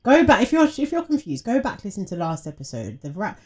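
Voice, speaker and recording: A young woman co-hosting a podcast in casual chat, animated and full of dramatic impressions. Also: medium pitch, fairly quick. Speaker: podcast co-host.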